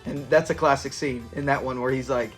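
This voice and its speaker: A man's voice: mid-range voice, steady tone, a little fast, faint music behind. A man hosting his own review channel, recapping a sitcom episode in a chatty way and acting out quoted lines. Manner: chatty, retells scenes with quoted lines and laughs.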